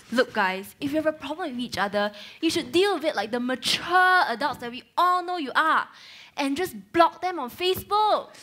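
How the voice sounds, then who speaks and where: A woman's voice: sits high, lively intonation, moderate pace, pushed and bright. Weary mock-stern woman playing a tutor. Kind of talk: amateur comedy skit acting.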